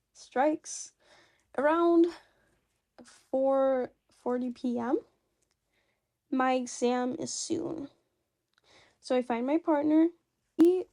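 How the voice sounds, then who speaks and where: Brief: high-pitched woman, non-native English, animated self-mocking storyteller who laughs a lot. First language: not English. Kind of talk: casual storytelling narration.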